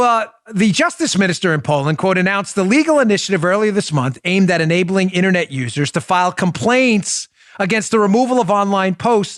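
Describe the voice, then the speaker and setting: A man's voice: dry recording, studio quality. Emphatic male political talk host. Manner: emphatic, shifts between loud exclamations and low asides. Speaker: podcast host.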